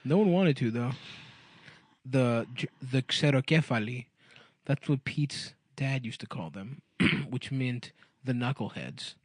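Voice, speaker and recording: A man's voice: medium pitch, animated, takes it slowly, no echo. A man co-hosting a comedy podcast, telling crude stories in casual chat and laughing often. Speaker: podcast co-host.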